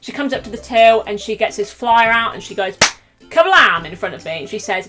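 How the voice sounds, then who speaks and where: A young woman chatting through a storytime vlog, animated and laughing often as she acts out the quotes. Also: fairly high pitch, fairly quick, music in the background. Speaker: YouTuber telling a story. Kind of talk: casual storytime chat.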